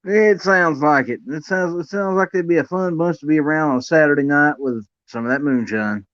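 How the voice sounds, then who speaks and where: A man's voice: a little high, moderate pace, a bit bright, dry recording, lo-fi sound. A man hosting a casual interview, easygoing as he reacts to stories and asks questions. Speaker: interview host.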